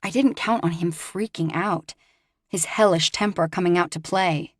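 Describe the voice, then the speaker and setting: A woman narrating a first-person romance audiobook with expressive, rising emphasis. Her voice sits on the lower side, recorded close and dry with no room sound. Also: normal speed, no room sound.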